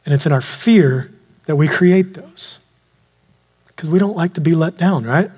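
A man delivers an earnest sermon in a somewhat high voice, the sound ringing with the long reverb of a large church hall. He slows down and drops to a quiet, deliberate tone whenever he presses a point home. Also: husky. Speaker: preacher.

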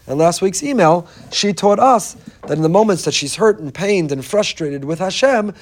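A man's voice: high-pitched, lively intonation, normal speed. Earnest man giving a Torah talk. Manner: earnest, emphatic storytelling with repeated phrases. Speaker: Torah teacher.

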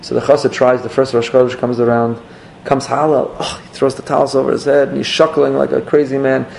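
A man, a rabbi, giving an earnest sermon and telling a story with slow, emphatic phrasing. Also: medium pitch, flat delivery, vocal fry, a little mellow, slight background noise.

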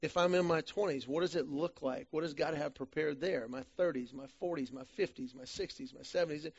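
Leading a men's church study group, a man with a slightly raised pitch teaches with brisk, husky delivery. He tells stories in an animated, self-deprecating way, and the recording sounds a little dull and lo-fi.

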